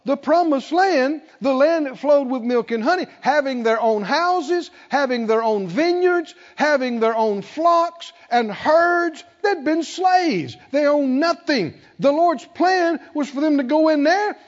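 Man, preacher, sermon, very high voice, lively pitch, muffled hall recording. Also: unhurried, few pauses. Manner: emphatic, acts out quoted voices, rises to loud peaks. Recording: dull, reverberant hall sound.

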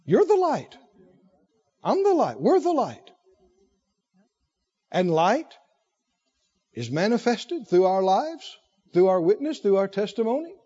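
A man preaching a sermon with animated, rhythmic repetition and emphatic phrasing. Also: high-pitched, takes it slowly, long pauses, slightly rough, dull audio.

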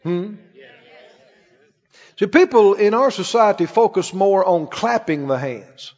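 A middle-aged man preaching a sermon as pastor, emphatic and animated, with sudden exclamations. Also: high voice, takes it slowly. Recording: dull recording with long hall reverb.

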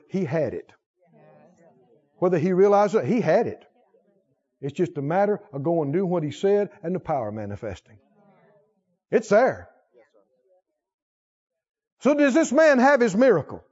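A man preaching a sermon in call-and-response style, repeating lines and swinging from hushed to loud. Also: high-pitched. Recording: dull lo-fi recording.

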